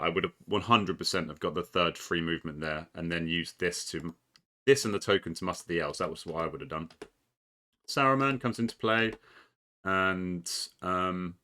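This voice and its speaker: A man with a voice that sits low commentates a recorded board game match, casual and excitable. His delivery is full of ums, restarts, laughs and the occasional swear.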